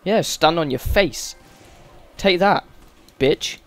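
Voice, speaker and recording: A man's voice: a little high, takes it slowly, a bit bright, soft background music. A man giving sweary, exasperated running commentary over a video game as a gaming channel host. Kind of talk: let's-play game commentary.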